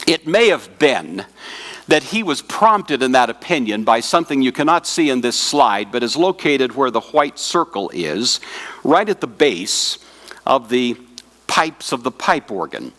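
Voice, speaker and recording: A man lecturing to a hall of pastors at a conference, his pitch sitting in an ordinary middle register. He speaks in a measured, teacherly way, asking the audience questions and letting his voice slow and fall on the words he wants to stress. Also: fairly bright tone. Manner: slows and drops his voice on key words.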